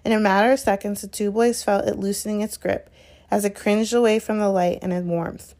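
Woman reading a novel aloud. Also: medium pitch. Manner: steady, unhurried narration with small self-corrections. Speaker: reader.

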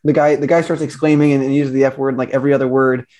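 A man's voice: mid-range voice, little pitch movement, rapid-fire, mellow. A man co-hosting a casual podcast chat, musing aloud and hesitant, with a lot of filler words. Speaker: podcast co-host.

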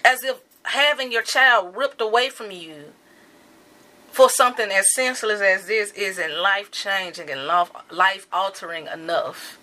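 Angry, emphatic woman with bright voice. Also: medium pitch, measured pace. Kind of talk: impassioned monologue.

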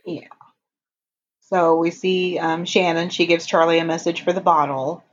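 A woman casually recapping a TV episode for a podcast, retelling the plot in an unhurried way with frequent ums. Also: on the low side, fairly even intonation, slight background noise. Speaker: podcast co-host. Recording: dull lo-fi audio.

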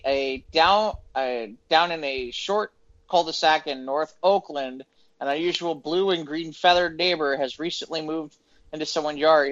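A man's voice: fairly high pitch, fairly bright tone, no room sound, dull audio. A man hosting a casual comedy news podcast, playful with announcer flourishes and rambling restarts. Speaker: podcast host.

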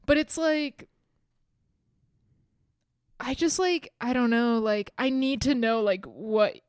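A young woman with a very high voice, recorded close and dry, recaps TV scenes in a relaxed, chatty way. She laughs easily and often trails off mid-thought. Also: slow pace, clear, resonant tone, dry recording. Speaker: podcast co-host. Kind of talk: casual chat recapping a TV show.

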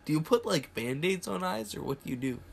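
A man's voice: fairly high pitch, lively intonation, fairly quick, gravelly, slightly rough. A young man co-hosting a podcast in casual chat, hesitant and restarting often, with offhand wisecracks. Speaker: podcast co-host.

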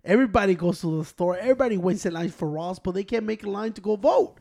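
A man's voice: high voice, quick pace, a little mellow. A man in casual chat, ranting and mocking people with heavy swearing.

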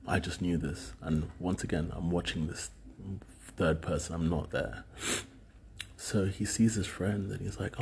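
A man's voice: low voice, vocal fry, a little mellow, a little hiss or hum. A man in his thirties from the UK, musing alone in a rambling, hesitant way with many fillers. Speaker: solo speaker recounting dreams. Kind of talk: casual monologue.

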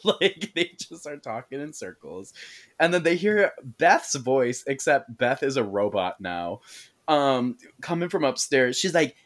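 A man recaps a movie for his podcast in a loose, swearing, gossipy way, and his pitch rises and falls constantly as he acts out each character's lines. The delivery is casual chat between friends, full of asides and laughter. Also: unhurried. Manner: profane, animated storytelling with quoted voices. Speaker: podcast co-host.

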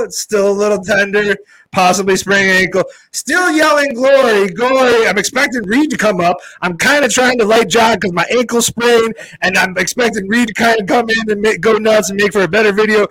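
Man, podcast co-host, bright forceful tone, dry close sound, profane and animated storyteller. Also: high-pitched, no room sound, low-quality recording. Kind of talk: casual storytelling chat.

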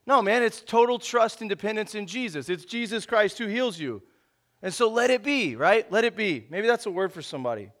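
A man's voice: high-pitched, lively intonation, brisk, a bit bright. A young man preaching a sermon in a casual, slangy way, often calling listeners man. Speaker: pastor.

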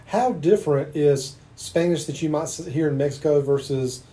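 A man from eastern North Carolina with a Southern accent interviews a guest in a conversational way, chatty and affirming and full of anecdotes. His voice is fairly high with a dark tone, at a moderate pace.

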